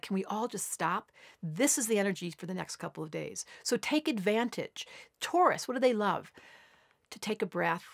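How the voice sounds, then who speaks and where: A woman's voice: medium pitch, no echo, clean studio sound. An older woman astrologer giving a casual daily horoscope in a chatty, colloquial way. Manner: chatty and colloquial, acts out quick asides.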